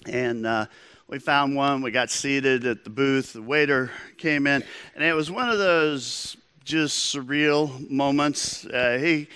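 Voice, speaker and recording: A man's voice: mid-range voice, slow, bright, forceful tone, smooth, dry recording. A man preaching a sermon as pastor, in a conversational storytelling manner.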